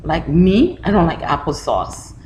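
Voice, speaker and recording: Lady teaching little kids, acts out yuck and angry faces, slow and bouncy, echoey room. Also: fairly low pitch, slight background noise. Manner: animated, questioning, acts out reactions. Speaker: teacher reading to young children. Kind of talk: storytime lesson for young children.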